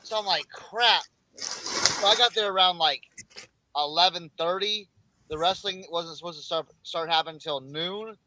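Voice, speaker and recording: A middle-aged man hosting a casual reseller chat, telling a rambling, animated anecdote full of restarts. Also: on the high side, a little fast, noisy background. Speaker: reseller podcast host.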